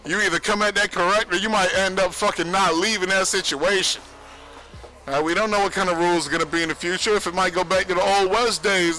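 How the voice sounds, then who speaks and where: A man's voice: high voice, sharp tone, rough recording. A young man rambling casually on a livestream, profane and boastful, laughing often. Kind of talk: rambling casual stream monologue.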